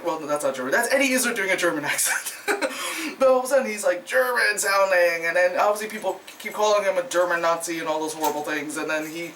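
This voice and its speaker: A vlogger rambles through a casual movie review, cursing freely, laughing often and filling every gap with "like" and "you know." The voice sits at a mid pitch and sounds set back from the microphone. A faint hiss of background noise runs underneath. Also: quick pace, a bit bright, far from the mic. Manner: rambling, profane, laughs often, many fillers. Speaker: film reviewer.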